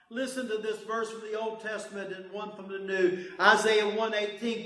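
A man preaching a sermon, with emphatic delivery that swings between loud declarations and hushed low passages. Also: fairly even intonation, normal speed, roomy sound. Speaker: pastor. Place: church service.

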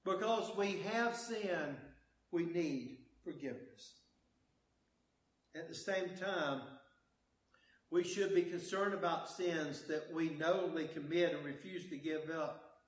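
A man preaching a sermon, with emphatic delivery that swings between loud declarations and hushed low passages. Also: slow pace, roomy sound. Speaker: pastor. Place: church service.

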